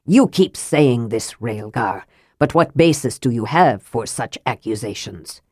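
A woman's voice: rumbling low, lively intonation, measured pace, darkish tone, breathy edge, dry recording, studio quality, pitched below the performer's own voice, heavily acted. A woman voicing a stern male dwarf chieftain who speaks grimly and with command. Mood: exasperated. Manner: grim, commanding.

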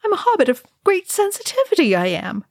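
A woman voicing Pippin, an earnest, fretful young male hobbit with a high, eager voice. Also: huge pitch swings, fairly quick, creaky, dry recording, clean studio sound, full character voice. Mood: earnest protest.

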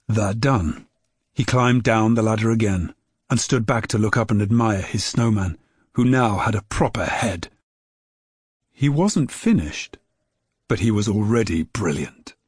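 Husky male storybook narrator. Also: on the low side, no echo. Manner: gentle, measured reading aloud. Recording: dry close recording.

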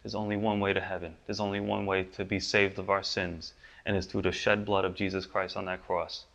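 A pastor preaching a sermon, his voice climbing high and loud for the pleas and dropping low and soft on the promises. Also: little pitch movement, brisk, vocal fry, lo-fi sound.

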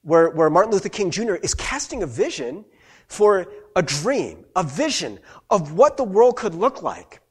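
A man's voice: high voice, sing-song, moderate pace, breathy edge. A male pastor giving a conversational sermon who keeps asking "right?" to check in with his listeners.

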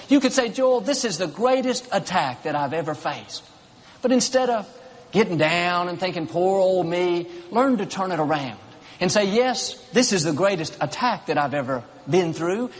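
A man's voice: fairly high pitch, slight background noise. A man preaching a sermon, encouraging and rhythmic, in short repeated phrases. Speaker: pastor. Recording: long reverb of a large hall.

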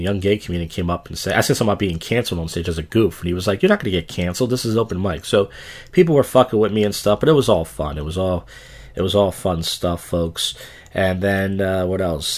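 A man hosting his own podcast, telling stories in a loose, crude, self-deprecating ramble. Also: low-pitched. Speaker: podcast host. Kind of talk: casual rambling monologue.

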